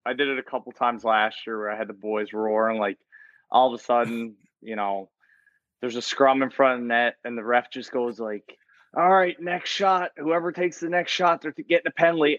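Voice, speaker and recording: A man's voice: medium pitch, fairly bright tone, dry recording, highs cut off. A young man, a hockey player guest, telling a hockey story in a casual chat, laughing often and swearing as he goes. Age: young adult.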